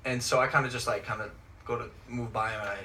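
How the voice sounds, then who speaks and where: A young man casually telling a story as a vlog host, animated and acting out quotes with sudden shouts. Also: mid-range voice, fast talker. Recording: voice from some distance, faint noise.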